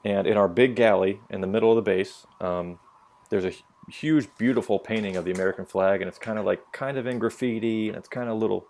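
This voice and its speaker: A man's voice: on the low side, fast talker, vocal fry, darkish tone, a little hiss or hum. A young man telling stories on a casual opinion podcast, blunt and profane. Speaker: podcast co-host.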